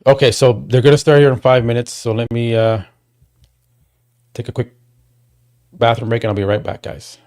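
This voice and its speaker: A man's voice: medium pitch, flat delivery, normal speed, pauses often. Rambling man hosting a livestream. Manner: rambling, restarts, talks to chat; gets worked up and loud when complaining. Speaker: livestream host. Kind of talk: casual livestream chat.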